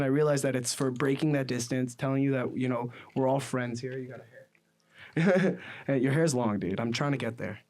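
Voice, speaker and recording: A man in his twenties from the United States, hosting a casual podcast and telling stories in a rambling, animated way full of fillers. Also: mid-range voice, vocal fry. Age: 20s. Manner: rambling and animated, with many fillers like "you know what I mean". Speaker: podcast host.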